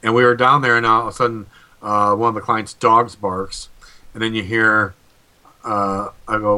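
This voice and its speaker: A man's voice: lowish voice, flat delivery, normal speed, pushed and bright. A man who investigates hauntings and calls himself psychic, rambling casually on a live video call show and acting out what people said. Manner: rambling, restarts often, acts out quotes. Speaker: paranormal investigator and psychic co-host. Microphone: video call mic.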